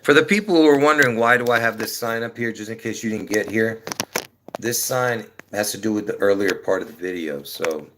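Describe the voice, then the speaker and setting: A man's voice: fairly low pitch, fairly quick, background noise. A man rambling casually to his viewers on a livestream from his apartment, trailing off with many fillers. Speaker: livestream host.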